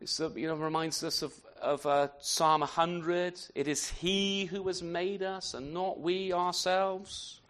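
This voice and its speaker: A man's voice: high-pitched, fairly even intonation, a little slow, few pauses, a bit bright. A man preaching a sermon in an unscripted way, often restarting phrases and asking rhetorical questions.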